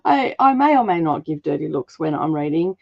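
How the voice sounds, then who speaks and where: A woman's voice: a little high, gravelly, highs cut off. A middle-aged woman hosting a craft livestream. She chats casually and rambles, laughing often and using lots of fillers. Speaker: craft channel host.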